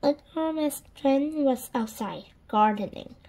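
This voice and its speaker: A woman reading a children's storybook aloud in a gentle, deliberate storytelling manner. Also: high voice, animated, poor audio. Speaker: storybook reader.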